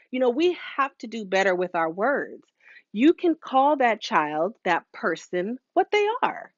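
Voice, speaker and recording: A woman's voice: sits high, expressive, normal speed, dry recording, highs cut off. A woman hosting a live motivational talk as a hair stylist, speaking casually and preachily and acting out voices she quotes. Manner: casual, with many fillers and asides.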